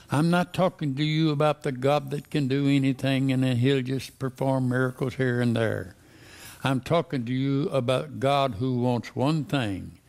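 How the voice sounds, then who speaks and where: A man's voice: mid-range voice, gravelly, a little mellow. A man preaching a sermon, reading verses and pressing the listeners with repeated questions. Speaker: pastor.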